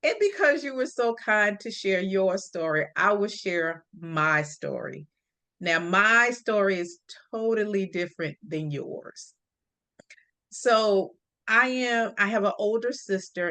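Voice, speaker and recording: Bright-voiced woman telling a story. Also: on the low side, slow pace. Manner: animated, acts out quoted voices, laughs often. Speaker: podcast host sharing a personal story. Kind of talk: casual storytelling chat.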